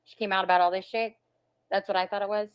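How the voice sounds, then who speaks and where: A woman's voice: medium pitch, fairly even intonation, fast, clear, resonant tone. Brash, profane woman reacting on a stream. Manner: blunt, heavy profanity, brash. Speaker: stream host. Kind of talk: casual reaction stream commentary. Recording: slightly muffled lo-fi audio.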